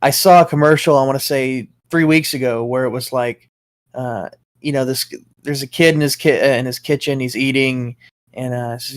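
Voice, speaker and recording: A man's voice: medium pitch, fairly even intonation, normal speed, dry recording. A man co-hosting a casual talk show, ranting in a rambling, profane way. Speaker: co-host. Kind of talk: casual chat.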